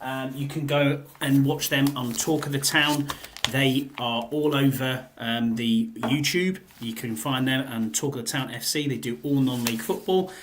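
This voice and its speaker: A man's voice: medium pitch, normal speed, noisy background. A man hosting a sports podcast in a laid-back, rambling way, with fillers and repeated phrases. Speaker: podcast host. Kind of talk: casual sports podcast chat.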